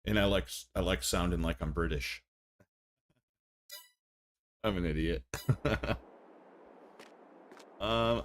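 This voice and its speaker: Man, lowish voice, livestream gameplay commentary, chatty, thinking aloud, self-deprecating laughs. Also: a little hiss or hum.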